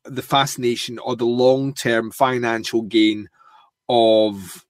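A man's voice: mid-range voice, little pitch movement, takes it slowly, dry recording. A man chats casually as co-host of a TV recap podcast, swearing and joking. He talks in loose, filler-heavy runs. His voice sounds dry and close to the mic. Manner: crude, joking, full of fillers. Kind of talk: casual chat, recapping a TV show.

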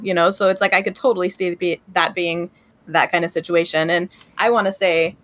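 A woman's voice: lowish voice, fairly quick, fairly bright tone, no echo. A woman co-hosting a casual podcast chat, explaining herself carefully with many fillers. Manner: hedging, clarifying, many likes and ums. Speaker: podcast co-host.

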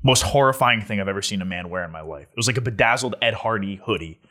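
A young man telling a story in casual chat, animated and laughing as he goes, with lots of filler words. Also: fairly low pitch, fast.

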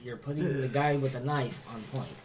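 A man's voice: medium pitch, brisk. A man playing a tabletop game, easygoing and chuckling with friends. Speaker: player. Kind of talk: casual tabletop play. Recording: background music.

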